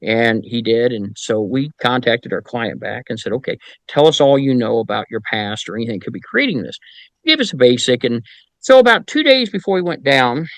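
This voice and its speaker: Man, middle-aged, casual storyteller, animated, mid pitch, dry podcast mic. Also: no room sound. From Indiana, US. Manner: animated anecdotes, acts out quoted voices; frequent fillers and restarts. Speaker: paranormal investigator guest.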